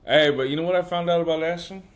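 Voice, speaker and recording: A man co-hosting a casual podcast, mostly chiming in with short agreements and playful shout-outs. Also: on the high side, fairly even intonation, fast talker. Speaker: podcast co-host. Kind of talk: casual chat.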